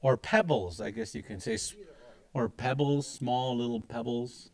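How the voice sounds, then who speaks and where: A man's voice: mid-range voice, expressive, unhurried, a little mellow. A man teaching words in a language class, patiently repeating each word many times. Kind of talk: slow, repetitive pronunciation lesson.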